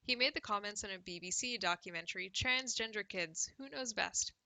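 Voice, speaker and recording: Host, female, Canadian accent, sarcastic livestream commentator; bright, dry close-mic sound. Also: medium pitch, fairly quick, gravelly, no room sound, low-quality recording. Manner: sarcastic, laughs often, drinks cider on stream. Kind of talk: casual livestream commentary, reading news aloud.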